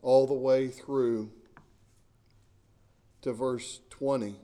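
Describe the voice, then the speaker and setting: A man's voice: mid-range voice, slow, long pauses, warm tone. A middle-aged male pastor preaching a sermon in an earnest, emphatic way, often repeating words as he searches for the next phrase.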